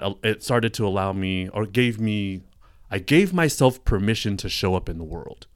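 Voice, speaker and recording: A man with a deep, low voice tells his story as a podcast guest, earnest and reflective. His words sound close and dry, with no room echo around them. He grew up in California. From Stockton, California. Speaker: podcast guest, coworking space owner. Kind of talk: casual podcast interview.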